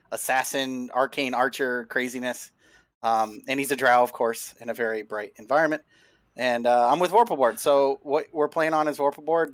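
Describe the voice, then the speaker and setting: Casting note: male player promoting software on a live stream, upbeat and casual, dry close mic. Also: mid-range voice, no room sound. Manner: upbeat, plugs products with casual filler. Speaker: player and software company representative. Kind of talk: casual livestream chat. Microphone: home mic on a video call.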